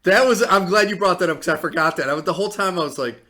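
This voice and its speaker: A man's voice: sits high, fast talker, bright, forceful tone. A man co-hosting a podcast in casual chat, blunt and dismissive, often agreeing with short grumbled remarks. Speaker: podcast co-host.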